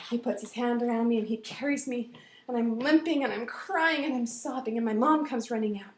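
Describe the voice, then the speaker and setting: A woman telling a personal story aloud in an animated way, dropping to whispers and rising to loud outbursts. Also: on the high side, a little fast, reverberant.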